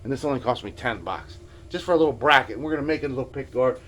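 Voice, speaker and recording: Middle-aged guy rambling fast about a flea market find, stammers and mumbles, trails off quiet a lot. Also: mid-range voice, animated. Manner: stammering, mumbling, drops to near whispers, lots of filler. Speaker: guitar repair vlogger. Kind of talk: rambling casual storytelling. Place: home workshop. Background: furnace.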